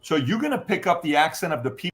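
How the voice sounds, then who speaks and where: A man's voice: on the high side, sing-song, fast, a loud crowd. A man with a Middle Eastern accent giving his political opinions, stressing his points with repetition and rhetorical questions. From Middle East.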